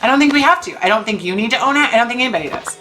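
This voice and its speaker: A woman's voice: fairly high pitch, racing, slight background noise, low-quality recording. A young woman streamer telling an exasperated story while she plays a game, now and then swearing. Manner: animated, exasperated venting with swearing. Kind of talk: casual storytelling while gaming. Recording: faint game music behind.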